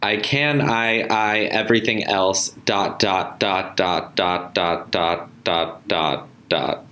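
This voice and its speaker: A man voicing a male chatbot in a light robotic manner, reading a script aloud with halting, stuttering repeated words. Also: low-pitched, pushed and bright, slight background noise, full character voice. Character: male chatbot, terse and repetitive.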